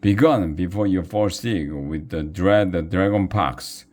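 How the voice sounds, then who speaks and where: A man's voice: low-pitched, very animated, measured pace, darkish tone, exaggerated voice. A man reading a storybook and voicing an earnest, anxious young boy who tries to sound commanding. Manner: urgent, pleading, trying to sound commanding.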